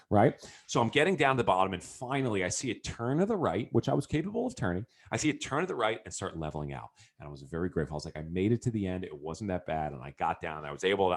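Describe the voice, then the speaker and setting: A man telling a story in a loose, casual way, with his pitch swinging up and down as he goes. He speaks like a coach drawing a lesson for entrepreneurs, animated and full of restarts. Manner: animated, lots of fillers and restarts.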